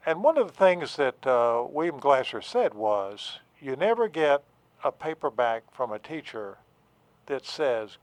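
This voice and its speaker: Halting man, therapist on radio. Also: mid-range voice, sing-song, no room sound. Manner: halting, many fillers and restarts. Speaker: therapist and professor, radio guest. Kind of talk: casual radio talk.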